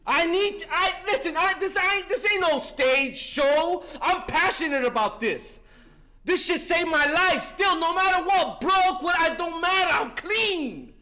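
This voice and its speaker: A man's voice: very high voice, lively intonation, unhurried, sharp tone. A man in his fifties giving a fervent, profane share at a recovery meeting, talking street-style and breaking in with "listen" again and again. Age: 50s.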